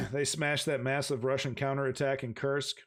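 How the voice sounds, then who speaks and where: A man's voice: mid-range voice, flat delivery, normal speed, gravelly, a bit bright. A man hosting a live news stream, talking casually in a rambling, emphatic way full of restarts and the odd curse word.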